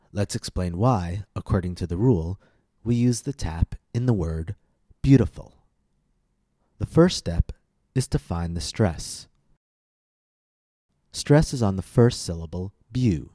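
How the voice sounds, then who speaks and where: Man, coach, careful enunciation, warm and deep, dry close sound. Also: no echo. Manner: slow, careful, clearly enunciated. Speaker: accent coach. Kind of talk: scripted pronunciation lesson.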